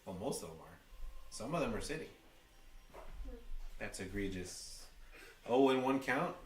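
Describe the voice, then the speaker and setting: A man with a New York accent giving chatty, excitable fan commentary to his livestream chat. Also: on the low side, measured pace, echoey room, far from the mic, a little hiss or hum. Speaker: livestream host. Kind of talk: fan watch-along commentary.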